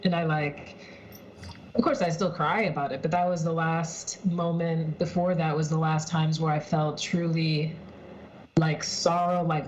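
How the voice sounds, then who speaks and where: A woman's voice: on the low side, darkish tone, lo-fi sound, slight background noise. A woman casually telling a personal story on a video call from home, chatty and heartfelt, with lots of "like" and "um". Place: at home in her apartment, heater running.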